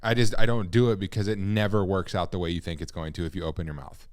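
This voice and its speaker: A man's voice: low voice, little pitch movement, fast talker, darkish tone. A man co-hosting a casual podcast chat, talking sports emphatically and swearing casually. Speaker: podcast co-host.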